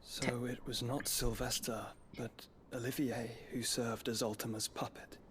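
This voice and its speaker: A man's voice: mid-range voice, level tone, measured pace, fairly bright tone, slight background noise, natural voice. An actor playing an earnest young nobleman who speaks in formal, old-fashioned phrasing in video game dialogue. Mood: grave. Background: game music.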